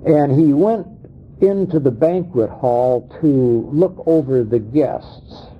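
A man preaching a sermon, dramatic, acting out quoted voices with sharp swings in pitch and pace. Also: slow, slightly rough. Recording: dull lo-fi sound.

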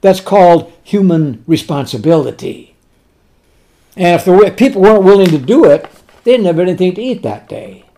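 Lively preacher asking and answering questions. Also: male voice, high-pitched, gravelly. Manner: asks rhetorical questions and answers them himself; slows down and drops to a soft voice on tender words. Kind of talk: sermon.

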